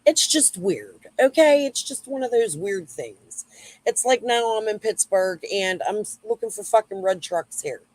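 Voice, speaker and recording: Woman, rambling livestream rant, swears a lot, middling pitch, dry close sound. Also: animated, measured pace, a little mellow, dry recording, rough recording. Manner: rambling, profane, replying to chat. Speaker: YouTube livestream host.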